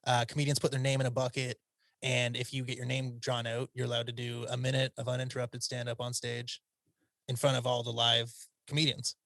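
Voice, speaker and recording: Upbeat podcast host, dry sound. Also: male voice, mid-range voice, completely flat delivery, a little fast, gravelly, a bit bright, no echo. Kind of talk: casual interview.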